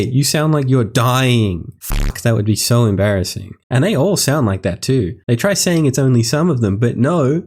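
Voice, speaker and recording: Young man, host, casual deck review, swears a lot, jokey asides, lively pitch, faint music behind. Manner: irreverent and profane, jokey asides. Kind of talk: casual, comedic card game deck review.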